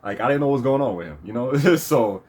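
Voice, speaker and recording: A man's voice: mid-range voice, animated, fast talker, a little mellow. A man hosting his own vlog, telling a story in a rambling casual way with lots of fillers and restarts. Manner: rambling, many fillers and restarts, laughs often. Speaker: vlog host.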